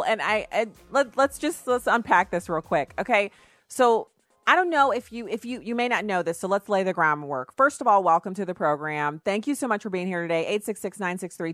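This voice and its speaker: A middle-aged woman host speaks on a radio talk show in clear standard American English, animated, chatty and bluntly opinionated. Her voice sits at an ordinary middle pitch for a woman. It is recorded close on a studio microphone in a completely dry booth. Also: no room sound. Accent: none, standard American speech. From raised in Germany on US Army bases. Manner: chatty, animated, quick restarts and laughs, forceful opinions.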